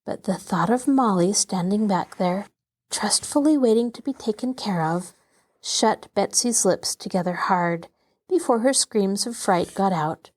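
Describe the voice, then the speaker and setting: A woman host reading a children's novel aloud in an expressive, dramatic way. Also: mid-range voice, a little slow. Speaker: host and storyteller.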